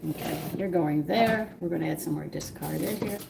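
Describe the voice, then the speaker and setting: Host, woman, gravelly voice, chatty cooking demo, noisy kitchen with pots clattering. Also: deep voice, moderate pace. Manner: chatty, explains steps while working dough by hand. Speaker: home cooking show host. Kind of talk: live-stream cooking demonstration. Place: home kitchen.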